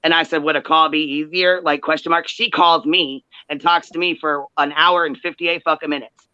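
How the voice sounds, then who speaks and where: A woman hosting a livestream, telling a heated story in profane, animated detail and acting out quoted chats. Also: low-pitched, moderate pace, dry recording. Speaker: livestream host. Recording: dull lo-fi livestream audio.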